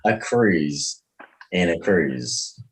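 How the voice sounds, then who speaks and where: Very deep-voiced man, blunt and teasing. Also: animated, very slow. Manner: blunt, teasing interjections with swearing. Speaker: podcast co-host. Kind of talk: casual chat.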